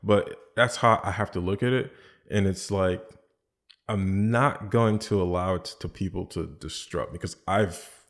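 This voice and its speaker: A man talking as a podcast guest in casual chat, telling animated stories and acting out other people's lines. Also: deep voice, measured pace. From Caribbean island family background.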